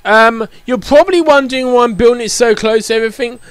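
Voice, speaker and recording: A man's voice: extremely high pitch, fast talker, clean tone, no room sound. Chatty man rambling over gameplay. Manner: rambling, chatty, lots of "like" fillers. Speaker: gameplay commentator. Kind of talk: casual gameplay commentary.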